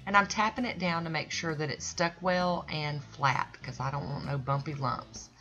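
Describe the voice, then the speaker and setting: A woman's voice: sits low, steady tone, normal speed, sharp tone. A woman hosting her own nail art channel, giving a chatty, folksy tutorial voice-over that rambles and sometimes loses its thread. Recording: dull lo-fi recording with faint music.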